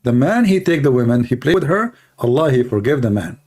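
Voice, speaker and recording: A man hosting a confrontational livestream debate, talking emphatically and challenging his listeners, with a dry throat and frequent throat clearing. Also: medium pitch, big pitch swings, brisk, a little mellow. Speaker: debater and host.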